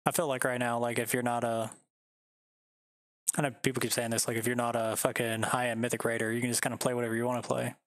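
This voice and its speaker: A man's voice: mid-range voice, level tone, quick pace, no echo, studio quality. Laid-back rambling male streamer. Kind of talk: casual game-stream chat. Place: home.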